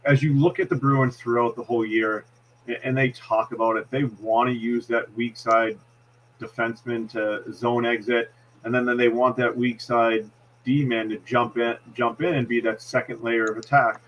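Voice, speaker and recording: A man's voice: medium pitch, little pitch movement, moderate pace, fairly bright tone, lo-fi sound, slight background noise. A man with a Boston accent, a hockey analyst giving a postgame breakdown, explaining plays step by step with frequent restarts. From Massachusetts.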